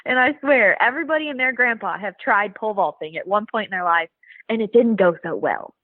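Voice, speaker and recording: A woman in her twenties, a guest on a podcast, telling stories in a bubbly, animated way and laughing often. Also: medium pitch, fairly quick, dry recording. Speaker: guest, Olympic pole vaulter. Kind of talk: casual interview over a phone line. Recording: tinny phone line.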